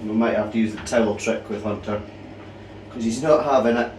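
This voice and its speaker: A slightly breathless reptile keeper hosts a casual vlog, talking to the camera and cooing lovingly at the large pythons he handles. His fairly low, steady voice moves a little fast and is recorded from a distance, with background noise.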